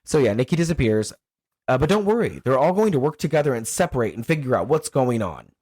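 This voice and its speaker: Male podcast co-host, lively pitch, casual and profane, laughs a lot. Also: quick pace, breathy edge. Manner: animated, swears freely, laughs often. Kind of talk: casual chat.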